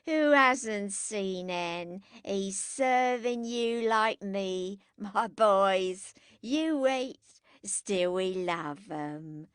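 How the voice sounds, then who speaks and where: A woman voicing a drunk, drowsy and clingy woman who drawls her words out slowly. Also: mid-range voice, lively intonation, clear, resonant tone, no echo, studio quality. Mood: drowsy doting.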